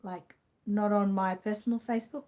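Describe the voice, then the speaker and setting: A woman's voice: mid-range voice, steady tone, normal speed, warm tone. A middle-aged Australian woman hosting a casual livestream, chatting and reading viewer comments aloud with frequent laughs. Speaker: livestream host.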